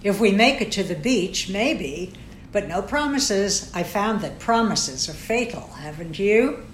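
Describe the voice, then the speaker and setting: A woman's voice: medium pitch, expressive, measured pace, a little hiss or hum, lightly acted. A woman reading the lines of a smug, teasing young woman. Her voice is roomy. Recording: roomy echo.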